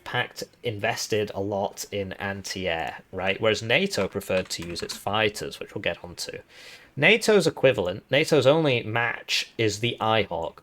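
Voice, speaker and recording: A man with a lowish voice talks through strategy game tactics in a loose, explanatory way, tagging points with quick questions. His voice is hoarse and wearing out. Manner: chatty, explanatory, tag questions. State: hoarse, voice giving out. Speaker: gaming video host. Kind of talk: casual game analysis.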